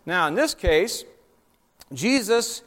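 A man preaching a sermon, animated and conversational, acting out quoted speakers with sudden jumps in his voice. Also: slow, in a large hall. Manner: animated, acts out quotes with rising pitch. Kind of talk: sermon on soul-winning.

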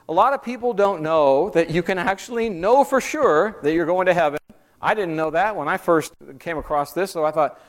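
A man leads a Bible class in a conversational teaching style, walking his listeners through an outline. His voice sits fairly high for a man. When he drives home a point, his pitch climbs and he grows emphatic. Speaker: church teacher.

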